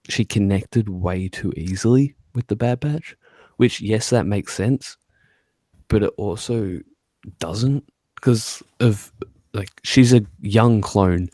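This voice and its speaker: A man's voice: fairly low pitch, a little mellow, dry recording. A man co-hosting a casual podcast chat, talking in a loose, chatty, agreeable way. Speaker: podcast co-host.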